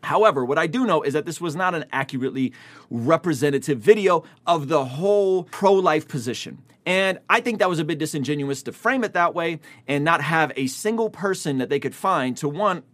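A man's voice: on the high side, animated, brisk, a bit bright. A man giving opinionated casual commentary on a video clip, talking in a reflective way.

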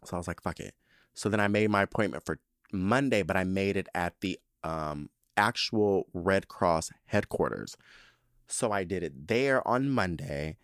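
Podcast host, male, lowish register, dry close sound; animated, profane storyteller. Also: measured pace, clear, resonant tone, no echo. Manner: animated, dramatic, profane and chatty. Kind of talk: casual storytelling monologue.

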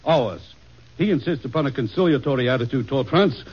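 A man's voice: mid-range voice, brisk, breathy edge, lightly acted. A man playing a proud, curt statesman in a vintage radio drama. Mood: angry. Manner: curt, forceful. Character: proud, hawkish statesman, stern. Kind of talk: 1940s radio acting. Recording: dull old radio recording.

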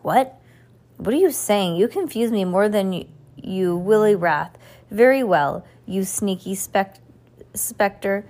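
A woman reads the part of a nervous, theatrical male jester locked in a dark cell. He rambles in rhymes and bad puns, fretting about his own sanity. The delivery is storybook read-aloud, close to her own voice. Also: mid-range voice, expressive, slow pace. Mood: theatrical, fretful. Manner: rhyming, pun-loving, theatrical ramble. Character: anxious, rambling male court jester prisoner.

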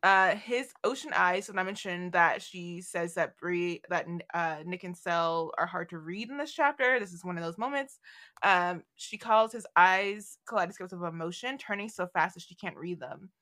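A woman co-hosting a casual book discussion podcast, retelling scenes in an animated way with dramatic voices. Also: fairly low pitch, moderate pace. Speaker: podcast co-host.

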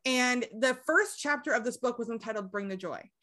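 A woman's voice: a little high, moderate pace, sharp tone. Young woman telling her story candidly. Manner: candid, swears freely, many fillers. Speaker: podcast guest, abuse recovery coach. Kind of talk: casual interview storytelling.

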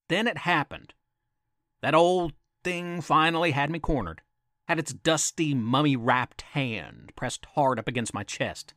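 A man's voice: mid-range voice, a bit bright, no room sound, studio quality. A man telling a campfire story as a podcast storyteller, dramatic and teasing, with asides to his listeners.

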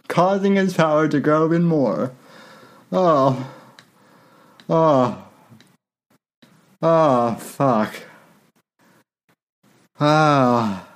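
Give me a slow, laid-back male podcast host who laughs his way through a reading. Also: a little high. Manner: laughs while reading, loose and irreverent; frequent fillers and restarts. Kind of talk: casual commentary, reading satire aloud.

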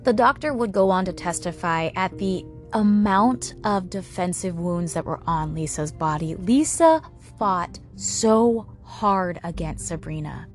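A woman's voice: lowish voice, expressive, a little slow, few pauses, faint music behind. A woman hosting a true crime podcast, telling the case in a casual, conversational way with dry, sarcastic asides.

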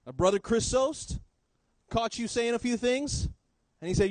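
High-voiced preacher, dry sound. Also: male voice, animated, measured pace, dry recording, rough recording. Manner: preaching with sudden swings between loud emphasis and low quiet drops. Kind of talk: sermon. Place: church.

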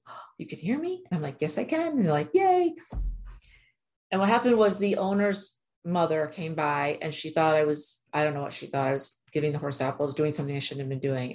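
Speaking directly to the listener, an animal communicator with a low, deep, darkish voice shares a personal story as a casual monologue. She's chatty and emphatic, leaning on fillers like "like" and pressing hard on her points.

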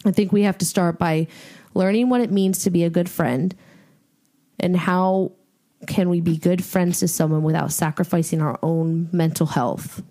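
A woman with a low, mellow voice hosts a casual podcast chat. She reads out the discussion questions and teases her co-hosts. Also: steady tone, normal speed. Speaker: podcast host.

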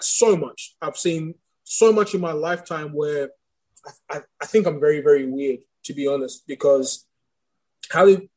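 A man's voice: on the high side, low-quality recording. A man with a slight speech impediment, talking as an interview guest in an earnest, searching way, often restarting his sentences. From Australia. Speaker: guest, course creator and preacher. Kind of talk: reflective interview talk.

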